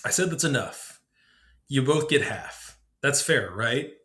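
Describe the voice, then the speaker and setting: A tired young woman keeping two children in line, voiced by a man reading aloud with little change. She speaks gently but firmly at an ordinary pitch. Her tone is worn down. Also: lively intonation, slow.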